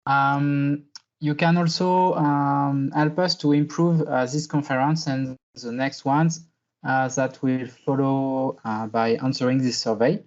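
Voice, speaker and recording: A man from France presents at a virtual conference in a mid-pitched voice. He talks slowly and hesitantly, filling pauses with "uh" and "um". The audio has the slightly muffled sound of a video call. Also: fairly even intonation. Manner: hesitant, with many fillers. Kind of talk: online conference talk.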